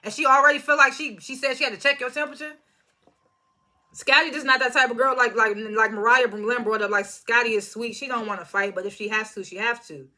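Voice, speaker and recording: A woman's voice: a little high, fairly even intonation, fairly quick, bright, forceful tone. Chatty woman recapping reality TV. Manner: chatty, laughs often, mimics cast members. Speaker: reality show reviewer. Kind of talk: casual recap commentary.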